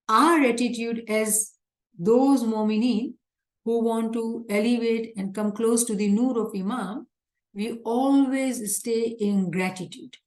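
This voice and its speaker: The recording has a roomy sound as a woman, her voice fairly high and darkish, explains scripture in a religious lecture. Her delivery is earnest and emphatic, and she returns to her points again and again.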